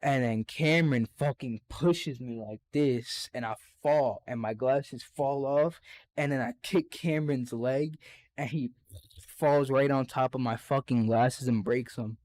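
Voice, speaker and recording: A man's voice: medium pitch, a little slow, a little mellow, dry recording. A young man on a casual podcast, telling a rowdy, profane story full of acted-out quotes. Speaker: podcast co-host.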